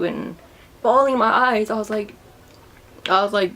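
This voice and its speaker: A young woman recounting a personal memory in a vlog, emotional and halting, often repeating and restarting her words. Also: mid-range voice, fairly bright tone. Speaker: vlogger.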